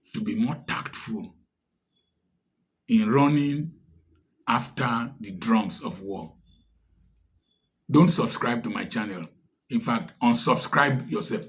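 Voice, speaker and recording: Impassioned Nigerian man, slow deliberate delivery. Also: mid-range voice. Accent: Nigerian English. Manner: impassioned, preachy, rhetorical questions. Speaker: commentator. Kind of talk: direct-to-camera social commentary.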